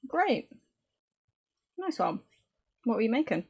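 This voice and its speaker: A woman game developer talking casually on a live stream while she codes at her desk. She thinks aloud, halting and restarting often. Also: medium pitch, creaky, darkish tone, slightly rough, muffled recording. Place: home desk.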